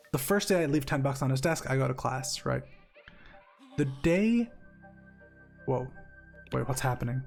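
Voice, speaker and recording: A young man streaming, telling a story while gaming, heated and swearing freely with frequent restarts. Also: a little high.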